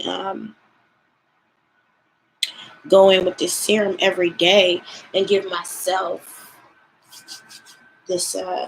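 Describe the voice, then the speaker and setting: A woman's voice: mid-range voice, a little hiss or hum, low-quality recording. A young woman vlogger chats casually about skincare late at night, tired and yawning, with many fillers. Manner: relaxed and chatty, with many "um" fillers, and sometimes yawning. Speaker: beauty vlogger. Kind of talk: casual live skincare chat.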